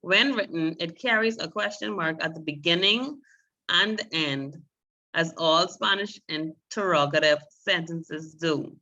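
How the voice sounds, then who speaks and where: Woman, language teacher, bright voice, slow unhurried pace, patient step-by-step explanations. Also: lowish voice, lo-fi sound. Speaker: Spanish teacher. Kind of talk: online class teaching.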